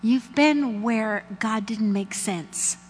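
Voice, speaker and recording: A woman's voice: fairly high pitch, slow pace, a little hiss or hum. A woman preaching a sermon to a women's gathering, dramatically acting out prayers and dialogue with God. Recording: long hall reverb.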